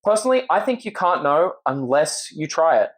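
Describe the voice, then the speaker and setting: A man's voice: fairly high pitch, sing-song, brisk. A young man with an Australian accent, a podcast guest talking earnestly and thoughtfully in a casual chat. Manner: earnest, reflective, agreeable.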